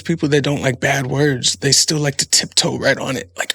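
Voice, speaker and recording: A man's voice: medium pitch, fairly even intonation, brisk, creaky, hardly any pauses, sharp tone, dry recording, clean studio sound. A man hosting a podcast in a casual comedic monologue, rambling and swearing freely, laughing often. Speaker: podcast host.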